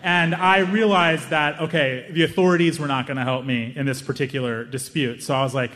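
Young male comic, story-driven set, animated and self-deprecating, slightly high voice. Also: big-room sound. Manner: animated, self-mocking, quick asides. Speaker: stand-up comedian. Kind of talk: stand-up storytelling.

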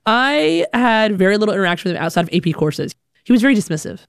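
A young woman from Alabama telling a funny personal story in an animated, conversational, self-deprecating way. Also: medium pitch, fast talker, no echo, studio quality. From Alabama, USA. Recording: music playing underneath.

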